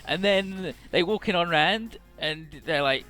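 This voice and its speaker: Bright-voiced rambling game commentator man. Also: high voice, unhurried, few pauses, faint music behind. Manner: rambling, profane, jokey retelling. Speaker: Let's Play commentator.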